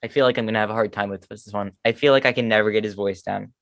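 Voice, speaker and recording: Breathy young fan host, kinda hesitant, trips over words, dry close sound. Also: female voice, a bass voice, steady tone, rapid-fire, no echo. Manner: hesitant, repeats herself. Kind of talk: casual chat.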